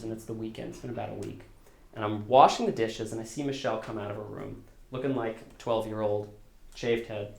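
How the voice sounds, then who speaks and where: A man's voice: on the low side, vocal fry. Man telling a story in a roomy hall. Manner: conversational, self-deprecating, with restarts. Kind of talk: live storytelling performance. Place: stage at a storytelling concert.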